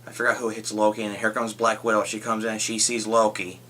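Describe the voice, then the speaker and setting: A young man rambles through a casual movie review, retelling scenes and swearing freely. His voice is bright and forceful as he gets excited about it. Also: lowish voice, a little fast.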